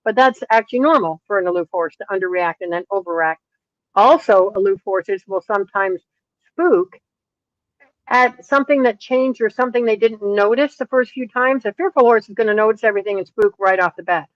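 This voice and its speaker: Middle-aged woman horse trainer, lively storyteller, muffled dry recording. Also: medium pitch, fairly quick, dry recording. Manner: lively storyteller acting out quoted dialogue. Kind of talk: interview storytelling. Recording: dull, dry lo-fi sound.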